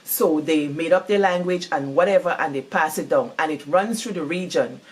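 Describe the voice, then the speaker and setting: A woman with a Guyanese Creole accent, talking through a book in a casual, animated way and repeating words for emphasis. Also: low voice, normal speed. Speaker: book reviewer.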